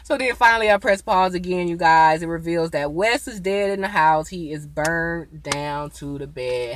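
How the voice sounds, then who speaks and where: Woman, chatty, excitable recap vlogger, lower-pitched voice. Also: moderate pace, few pauses. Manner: chatty, excitable, lots of "y'all" and "boom". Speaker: TV episode reviewer. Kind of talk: casual recap vlog.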